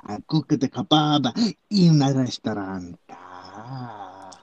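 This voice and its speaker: A man's voice: medium pitch, slow, no room sound, muffled recording. A New man voicing a self-styled East Jersey man who speaks in broken English and keeps insisting on where he is from. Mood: deadpan. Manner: mangled English, insistent, deadpan turning exasperated.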